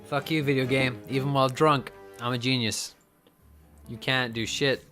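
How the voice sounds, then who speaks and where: A male streamer drinking while playing a game, talking in a crude, mocking, loud way and reading game text aloud. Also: medium pitch, steady tone, normal speed, faint music behind. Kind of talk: drunk game commentary.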